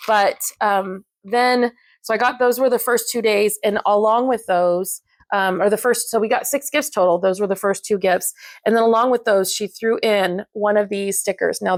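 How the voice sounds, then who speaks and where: Woman craft vlogger, gushing and chatty, mid-range pitch, dry unechoed sound. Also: no room sound. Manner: gushing, excitable, chatty with many fillers. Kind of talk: casual unboxing chat to camera.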